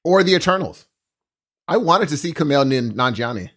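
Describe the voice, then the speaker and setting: A man co-hosting a podcast in casual chat, excitable and emphatic, laughing often. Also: on the high side, normal speed. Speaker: podcast co-host.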